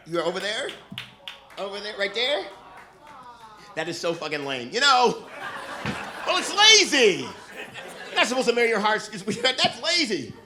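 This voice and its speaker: Over music, a middle-aged man speaks at normal speed in a high, sing-song voice, pausing often. He's doing brash, profane stand-up with crowd work at a club, and the live recording captures the audience laughing.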